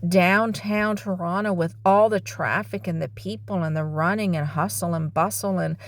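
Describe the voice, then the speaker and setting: A middle-aged woman talking to camera in a personal, reflective vlog, heartfelt and halting, with sighs and restarts. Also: lowish voice, steady tone. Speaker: vlogger.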